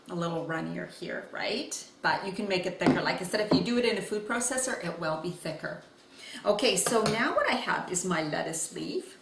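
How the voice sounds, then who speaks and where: A woman's voice: on the low side, a bit bright, slight background noise. A woman giving a casual cooking demo at home, chatty and laughing as she talks and eats. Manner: chatty, laughs while talking and eating. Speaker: cooking vlogger. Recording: echoey room, faint ambience.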